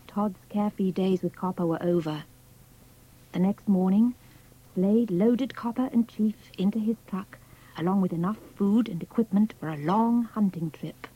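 A woman narrating a children's storybook in a measured, expressive reading. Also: medium pitch, breathy edge, highs cut off.

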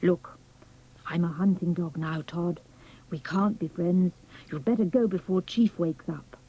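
A woman voicing a gentle young male hound puppy in a storybook reading, speaking in a hushed, breathy and earnest way. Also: lowish voice, measured pace, highs cut off, pitched below the performer's own voice. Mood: cool.

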